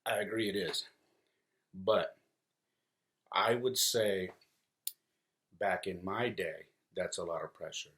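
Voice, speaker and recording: A man in his forties with a very low voice hosts his own podcast. He talks loosely and at length, trailing off into fillers and starting sentences over as he goes. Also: fairly even intonation, takes it slowly, long pauses, fairly bright tone. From California. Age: 40s. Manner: rambling, conversational, many fillers and restarts. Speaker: podcast host. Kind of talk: casual solo podcast monologue.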